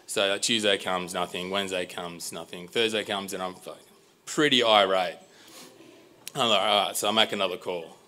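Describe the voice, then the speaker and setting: A man with an Australian accent telling a live personal story, animated and exasperated, swearing and acting out dialogue. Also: low voice, moderate pace.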